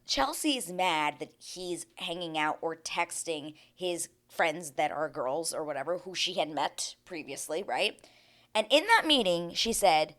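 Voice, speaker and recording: A fed-up woman hosts a reality TV recap, ranting in loose, casual commentary and swearing without a second thought. Her voice sits a little low for a woman. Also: animated, moderate pace, fairly bright tone. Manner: exasperated, ranting, swears freely.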